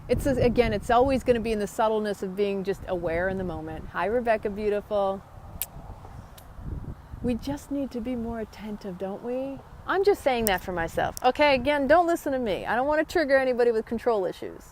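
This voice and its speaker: A woman's voice: on the high side, lively intonation, fairly quick, a little mellow, a little hiss or hum. A woman hosting a casual live stream on yoga and wellness, chatty and rambling, greeting viewers by name.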